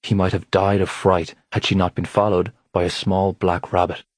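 A male narrator reads a novel in a measured, steady way, his voice very low with a husky grain. The sound is dry and close, with no room around it, as in a studio booth. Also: no echo. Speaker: audiobook narrator. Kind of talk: scripted narration.

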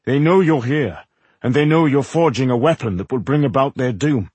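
A man's voice: medium pitch, expressive, slow, husky, no room sound. A man voicing a blunt, grave ancient male dwarf revenant in a storybook reading.

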